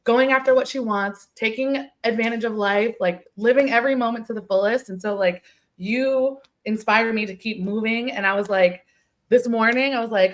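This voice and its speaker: A woman's voice: a little high, moderate pace. Gushing, emotional woman podcast host. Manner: gushing, emotional, repeats words for emphasis. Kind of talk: casual podcast chat.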